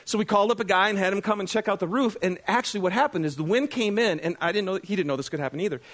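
A man's voice: sits high, very fast, fairly bright tone. A middle-aged man preaching a sermon in a casual, conversational way, asking the congregation questions and joking at his own expense. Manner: conversational, self-deprecating, asks the congregation questions. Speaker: pastor.

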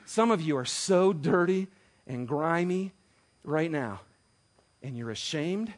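Male pastor in his thirties, high-pitched voice, lively preaching with dramatic loud and quiet swings. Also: takes it slowly. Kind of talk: sermon.

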